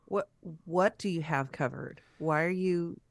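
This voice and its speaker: A woman player speaking in character during a tabletop game, answering calmly with some hesitation. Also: on the low side, dry recording. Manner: calm, halting replies. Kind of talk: in-character tabletop role-play.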